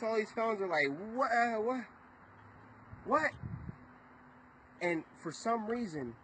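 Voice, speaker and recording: A man's voice: fairly high pitch, sharp tone, a little hiss or hum, rough recording. A man vlogging, agitated and rambling as he retells events to the camera, swearing often. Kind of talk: casual storytelling to camera.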